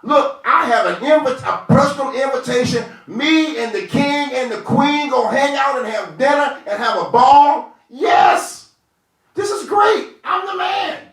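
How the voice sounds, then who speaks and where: A man's voice: fairly high pitch, big pitch swings, normal speed, fairly bright tone, pitched below the performer's own voice. A man voicing a boastful, scheming male royal official who talks brash and gloating street talk. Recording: echoey room from a distant mic.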